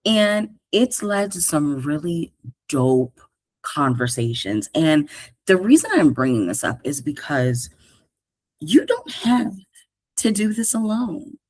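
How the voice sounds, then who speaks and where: Low-voiced, lively New York woman. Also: takes it slowly, dry recording. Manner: slangy, animated, talks straight to listeners. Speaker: career coach and podcast host. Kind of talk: casual solo podcast monologue.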